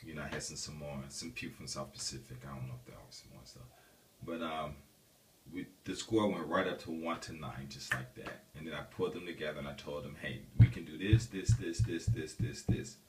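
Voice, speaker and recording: A man's voice: very deep voice, a little fast, distant mic, background noise. A man vlogging a personal story in a casual, rambling way, full of fillers and restarts.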